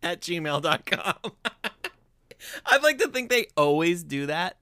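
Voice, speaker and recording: A woman's voice: on the low side, big pitch swings, slow pace, fairly bright tone, no echo, clean studio sound. A woman co-hosting a casual comedy podcast chat, laughing often. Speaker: podcast co-host.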